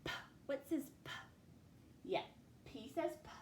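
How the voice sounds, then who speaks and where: A woman dictates words in a phonics spelling lesson, stretching out each sound in a slow sounding-out. Her voice sits high and is animated with a dark tone, heard in an echoey room with faint ambience.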